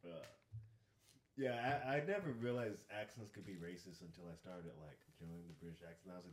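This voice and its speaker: A man's voice: sits low, fairly quick. A young man in casual podcast chat, blunt and swearing freely.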